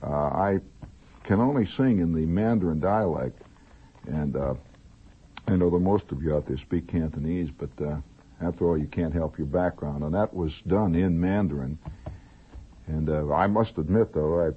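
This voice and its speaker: A husky, low-pitched male radio host with a Midwestern American accent delivers a late-night monologue at a moderate pace. He rambles through stories with asides and chuckles, heard through a tinny old radio broadcast with faint music.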